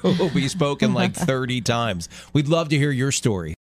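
Man, radio co-host, casual chat, lively pitch, joking, dry close sound. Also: moderate pace, no echo. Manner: laughs often, lively and joking.

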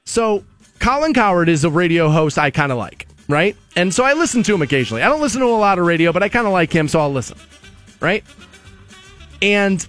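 A man's voice: high-pitched, big pitch swings, brisk, fairly bright tone, faint music behind. A man hosting a sports talk show, making opinionated arguments and repeating his points for emphasis. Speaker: radio sports show host.

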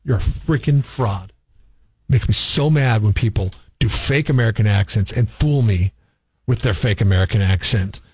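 A man co-hosting a radio morning show, chatting in an animated, opinionated way. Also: lowish voice, normal speed, husky, dry recording. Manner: animated, opinionated, chuckles while talking. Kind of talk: casual radio banter.

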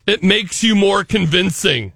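A man's voice: sits high, animated, unhurried, creaky, fairly bright tone, no echo, clean studio sound. A male morning radio host bantering with his co-host in a playful, teasing, mock-dramatic way. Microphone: studio microphone.

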